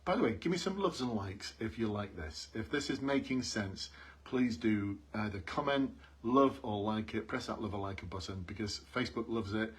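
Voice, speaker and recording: Coaching police applicants on a live stream, this man has a husky, lowish voice and speaks at normal speed. He is earnest in tone, circles back to his main points, and addresses his viewers by calling out to them.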